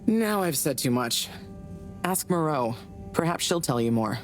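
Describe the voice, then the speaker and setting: A woman's voice: low voice, animated, measured pace, faint music behind. An actress playing a chatty, indiscreet middle-aged woman scientist in a game. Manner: chatty, gossipy.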